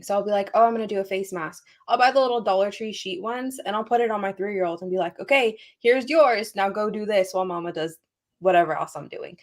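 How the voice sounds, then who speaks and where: A young woman on a casual panel chat, chatty and candid as she shares a parenting tip. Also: medium pitch. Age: young adult. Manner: chatty, candid, sharing tips. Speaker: panel guest.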